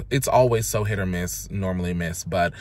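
A Jamaican man vlogs about food at a measured pace, sassy and dramatic, swinging from loud exclamations to low asides. The chatty vlog moves from a car to out and about, then home, shot on a handheld camera or phone.

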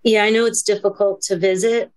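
A woman hosting a podcast interview, asking calm, supportive questions. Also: mid-range voice, brisk, no echo. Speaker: podcast host.

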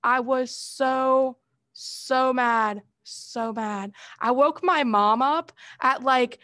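A high-pitched woman teaches a college class, drifting from the lesson into a fired-up personal story told in casual, slangy speech. The sound is close and dry, with no room echo. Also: extremely slow, a bit bright. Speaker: college instructor. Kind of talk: classroom lecture with a personal anecdote.

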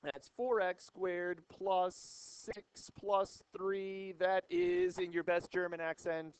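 A man's voice: high-pitched, flat delivery, slow pace, clear, resonant tone, no echo. A young male math teacher giving a jokey, playful lecture to a classroom of students on an old microphone. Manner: playful, wisecracking, theatrical.

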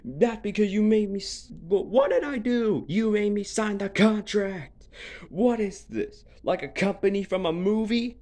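An amateur performer voicing all the characters of a homemade fan drama, excitable and full of exclamations and hesitant fillers. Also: medium pitch, measured pace.

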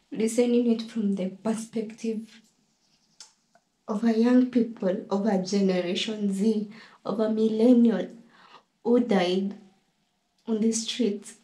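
Tearful woman vlogger, slow and echoey. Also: mid-range voice, dark tone. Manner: halting, emotional commentary to viewers. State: tearful, holding back crying. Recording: echoey room.

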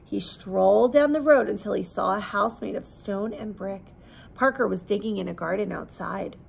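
A woman reading a picture book aloud to preschoolers as their teacher, gently asking questions and encouraging the children. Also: medium pitch, normal speed, vocal fry, husky, poor audio. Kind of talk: storytime read-aloud.

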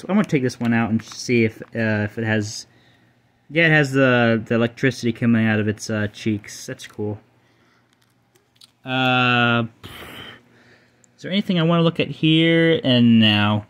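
A man's voice: medium pitch, moderate pace, pauses often, a bit bright. A young man casually showing off his card collection, rambling, swearing freely and stumbling over names. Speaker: channel host.

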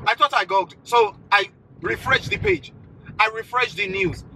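A young man with a Nigerian accent giving animated, incredulous opinions in a casual vlog, talking from the back of a car. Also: sits high, unhurried, creaky, a little hiss or hum, rough recording. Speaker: vlogger.

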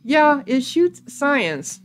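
A woman's voice: high-pitched, big pitch swings, very slow, pitched above the performer's own voice, exaggerated voice. A woman voicing a brash female ghost hunter from a video game, talking in a blunt, folksy way.

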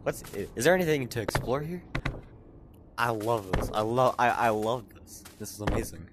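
A woman gamer in a headset giving excitable VR gameplay commentary, often shrieking when chased. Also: extremely low pitch, normal speed. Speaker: gaming channel host. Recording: loud game noise behind voice.

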